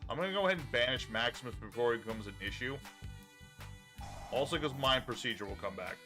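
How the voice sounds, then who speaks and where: A male streamer talking through a card game in a loose, chatty way, thinking out loud and addressing his viewers as he plays. His voice sits at an ordinary middle pitch, with faint music running underneath. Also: expressive, fast. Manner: chatty, thinks aloud and talks to chat. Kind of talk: casual live-stream commentary while playing a card game.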